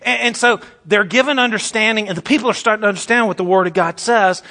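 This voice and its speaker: A man's voice: high voice, quick pace, sharp tone. A man preaching a sermon, fiery and emphatic, stretching out his stressed words.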